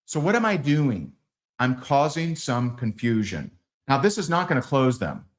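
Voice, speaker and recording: A man in middle age runs a sales training with a lively, swooping delivery. He jumps into little acted scenes and his pitch sits right in the middle for a man. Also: moderate pace. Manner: animated, acts out dialogues with big pitch swings.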